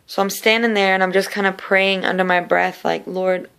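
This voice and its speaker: A woman's voice: medium pitch, steady tone, gravelly, fairly bright tone, smooth. A woman sharing a personal faith testimony in an earnest, casual storytelling way, often repeating words. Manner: earnest, repetitive, slow in places.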